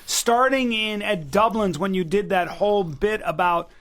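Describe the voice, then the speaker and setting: A man's voice: high voice, measured pace, fairly bright tone, slight background noise. A man hosting a podcast in casual chat, enthusiastic and playful with his guest. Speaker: podcast host.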